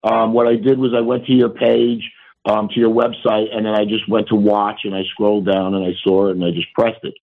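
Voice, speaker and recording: A man calling in to a live stream, talking excitably and swearing freely. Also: on the low side, fairly quick, a little hiss or hum. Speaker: caller. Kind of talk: casual phone-in chat. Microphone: phone. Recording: tinny phone line.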